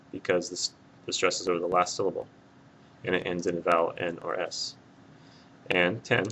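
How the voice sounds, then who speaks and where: Low-voiced male Spanish teacher. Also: noisy background. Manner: clear, slow, drilled pronunciation of single words; explanatory and patient. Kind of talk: recorded lesson.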